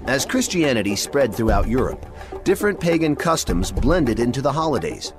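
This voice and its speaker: A man giving a scripted narration for a short history segment, with a lively storytelling delivery. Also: medium pitch, normal speed, music in the background.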